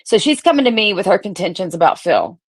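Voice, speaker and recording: A woman in her thirties rants loosely to her viewers, blunt and sarcastic and full of swearing. Her voice sits at an ordinary middle pitch for a woman. She talks in a casual, unscripted way, as if chatting to her audience. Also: very animated, fast talker, slightly rough. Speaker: streamer reading her old text messages. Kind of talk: casual ranting commentary.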